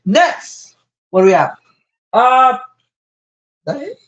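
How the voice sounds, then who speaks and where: A young man with a slight Latin American Spanish accent, hosting a live toy unboxing stream and gushing with excitement. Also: slow pace, highs cut off, a little hiss or hum. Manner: excitable, gushing, wide pitch jumps.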